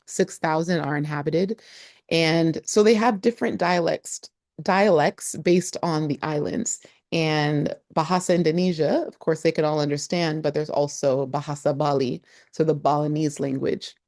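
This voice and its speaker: Low-voiced woman teaching travel phrases. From Nigeria. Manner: lively, laughs often, spells words out slowly. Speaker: travel vlogger.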